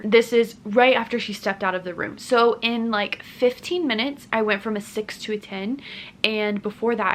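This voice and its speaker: A woman's voice: medium pitch, fairly bright tone. A young woman in her twenties, a family vlogger, earnestly recounting a personal experience in a casual, chatty way with lots of "like" fillers. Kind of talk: casual personal storytelling to camera.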